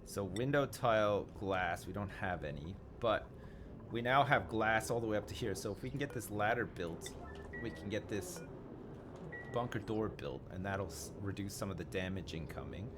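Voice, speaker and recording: A man's voice: on the low side, animated, moderate pace, noisy background. A man streaming a video game, rambling and thinking aloud in casual commentary, swearing now and then.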